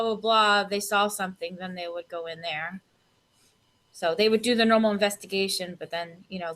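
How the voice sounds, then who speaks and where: A woman with a bright, forceful voice chats loosely with friends. She rambles through her stories, leaning on "like" and "um" as she goes. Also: mid-range voice. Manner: chatty, filler-heavy, full of "like". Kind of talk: casual group chat.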